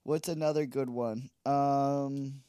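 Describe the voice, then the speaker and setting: A man's voice: mid-range voice, steady tone, slow, dark tone, smooth, no echo, studio quality. A young man co-hosting a comedy podcast, crude and rambling, laughing through casual banter. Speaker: podcast co-host.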